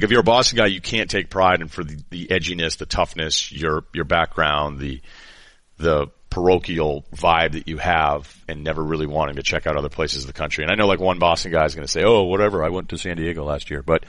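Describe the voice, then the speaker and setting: A man's voice: extremely low pitch, a bit bright, dry recording. A middle-aged man hosting a podcast, chatting in a rambling, joking way and often interrupting himself. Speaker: podcast host. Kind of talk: casual chat.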